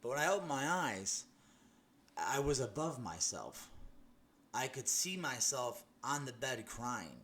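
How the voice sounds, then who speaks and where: A man's voice: medium pitch, sing-song, unhurried, fairly bright tone, a little hiss or hum. A young man giving a personal faith testimony, telling his story earnestly with many restarts and "you know"s. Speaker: testimony speaker.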